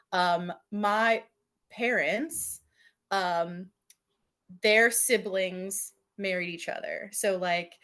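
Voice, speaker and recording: Brief: young woman, casual book-chat co-host, rambly and friendly, mid pitch. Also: fairly bright tone. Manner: chatty, many fillers and restarts, laughs often. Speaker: podcast co-host.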